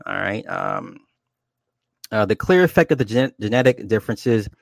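A man's voice: lowish voice, huge pitch swings, normal speed, gravelly, no room sound. Casual male host, rambling and repetitive, dry close sound. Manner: rambling, repeats words, swears. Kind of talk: casual chat.

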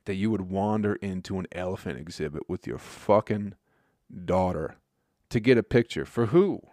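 A man hosting a show, telling a story in a profane, rambling comedic monologue with deadpan asides. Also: low voice, normal speed, no echo, studio quality. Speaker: podcast host.

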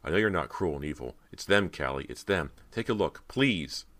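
A man's voice: lively intonation, quick pace, a bit bright. A man voicing a frightened teenage girl, pleading frantically in a raised voice. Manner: pleading, frantic, voice pushed higher.

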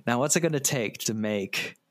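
A man co-hosting a podcast, retelling a story plot in casual chat. He is animated and laughs often. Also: mid-range voice, moderate pace. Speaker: podcast co-host. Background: music.

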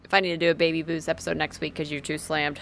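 A woman's voice: deep voice, level tone, very fast, gravelly, a bit bright. A woman co-hosting a casual podcast, teasing and laughing often. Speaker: podcast co-host.

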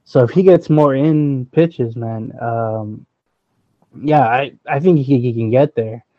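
A man's voice: mid-range voice, slow pace, no echo. Hesitant man on a dull, dry mic. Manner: hesitant, many fillers, thinks aloud. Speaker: sports podcast co-host. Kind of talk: casual baseball chat.

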